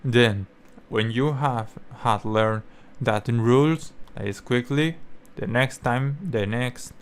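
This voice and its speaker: Slow, halting Spanish-speaking man. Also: medium pitch, smooth. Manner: halting, many fillers and restarts, non-native phrasing. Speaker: language learning YouTuber. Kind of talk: casual explanatory talk.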